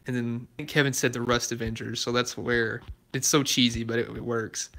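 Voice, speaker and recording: A young man from Alabama hosts his own car channel and chats casually with viewers. His voice is bright and forward, with an easygoing manner, and he laughs often. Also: mid-range voice, little pitch movement, a little fast, creaky. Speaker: YouTube car channel host. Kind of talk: casual chat answering live viewer comments.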